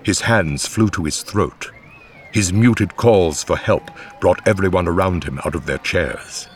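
A man's voice: deep voice, unhurried. A man narrating an audiobook in a dramatic scripted reading. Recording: faint music bed under narration.

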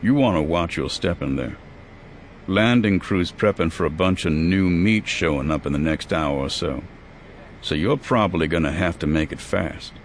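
A man's voice: deep voice, normal speed, slight background noise, voice pushed down. A man doing a bored, gabby prison guard. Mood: chatty. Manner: folksy and gabby. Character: bored, chatty balding male prison guard.

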